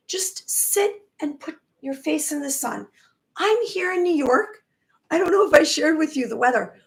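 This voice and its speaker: A woman with a high voice hosts a casual live stream, offering encouragement and affirmations. She now and then stumbles over her words, and her voice sounds worn, as if she is losing it. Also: vocal fry. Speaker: spiritual teacher hosting a live stream.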